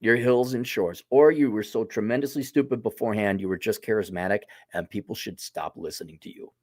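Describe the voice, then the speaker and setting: A man's voice: fairly low pitch, fairly quick, darkish tone, no room sound. A man hosting a casual opinion monologue, talking in a blunt, sardonic, profane way. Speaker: host.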